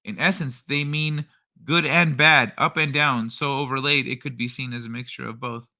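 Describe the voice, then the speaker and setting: A man's voice: medium pitch, fairly even intonation, moderate pace, sharp tone. A man hosting a livestream, chatting casually and reading out viewer comments in a rambling way. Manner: rambling, thinks aloud, frequent restarts. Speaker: livestream host.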